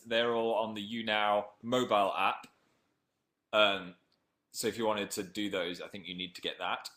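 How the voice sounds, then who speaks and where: A young man chats live to his audience over a webcam at home, reeling off viewer names in an easy, jokey way. Now and then he jumps into high, excited hellos before settling back into relaxed chatter. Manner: playful, jokey, bursts of excited greetings. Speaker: livestream host. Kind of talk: casual livestream chat, reading viewer comments. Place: at home, indoors.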